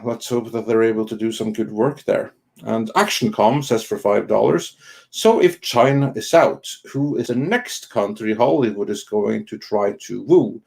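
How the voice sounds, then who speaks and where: A man co-hosting a casual live stream, reading viewer messages aloud in a halting way with many ums and restarts. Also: fairly low pitch, creaky, a little mellow. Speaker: co-host of an online entertainment news show.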